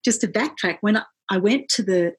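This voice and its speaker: A woman musician telling a travel story in casual chat, animated, acting out the people she quotes. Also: brisk, breathy edge. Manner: animated, acts out quoted voices with big pitch jumps. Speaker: musician and podcast guest.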